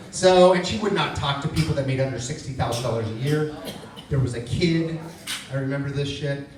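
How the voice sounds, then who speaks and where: A man's voice: medium pitch, brisk, crowd noise. A man performs stand-up comedy, swearing freely and rambling through his stories. He is heard from far off in a very echoey club, with an audience laughing around him. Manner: loose, profane, storytelling.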